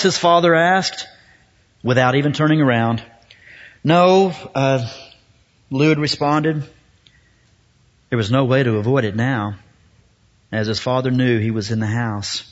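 A man preaching a sermon, telling a story slowly with dramatic pauses before turning to scripture. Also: medium pitch. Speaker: pastor. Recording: dull lo-fi recording.

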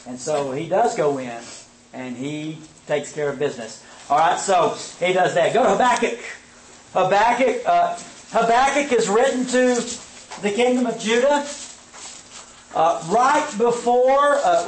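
A man's voice: high voice, measured pace, a little hiss or hum. A man teaching an informal Bible survey lesson, conversational and often checking in with his listeners. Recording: echoey room, mic at a distance.

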